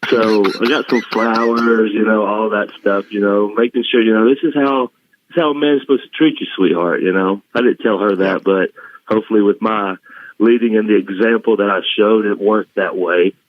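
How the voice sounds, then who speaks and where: A man's voice: lowish voice, steady tone, moderate pace. A man from the American South, a guest telling family stories in casual chat, often laughing. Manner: emotional storytelling with laughs. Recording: dull lo-fi line.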